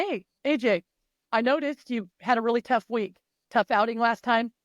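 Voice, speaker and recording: A woman mindset and performance coach talking as an interview guest, emphatic and animated, swearing freely and acting out the voices of the athletes she coaches. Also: sits high, dry recording, dull audio.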